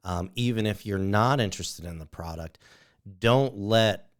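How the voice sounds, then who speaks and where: A man co-hosting a podcast, earnestly urging listeners in a casual, halting way with many fillers. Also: lowish voice. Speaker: podcast co-host. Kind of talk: casual chat.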